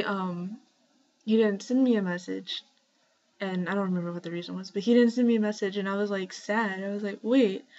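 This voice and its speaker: A young woman at home talking casually to her camera in a rambling shoutout vlog, full of ums and likes. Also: mid-range voice. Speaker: vlogger. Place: home, indoors. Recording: slightly dull lo-fi webcam audio.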